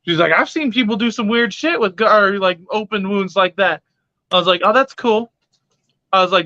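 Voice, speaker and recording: A young man tells a rowdy story, cursing freely and acting out what others said. His voice sits high and bright. The sound is dry and muffled, like a cheap recording. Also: normal speed, no room sound. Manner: profane, laughing, animated retelling with quoted voices. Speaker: pet vlogger. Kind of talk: casual storytelling. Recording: dull lo-fi sound.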